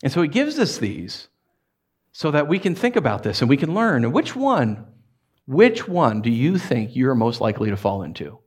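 A man in his thirties preaching a sermon as pastor, animated and joking as he tells stories. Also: mid-range voice, moderate pace, slightly rough. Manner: animated, jokey storytelling with laughs.

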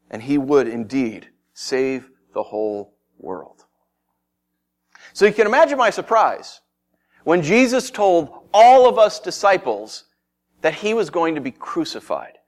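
A man preaching, telling a Bible story in first person as if he had been there, swinging from loud excitement to hushed tones and asking his listeners questions. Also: fairly high pitch. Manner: addresses listeners directly with questions.

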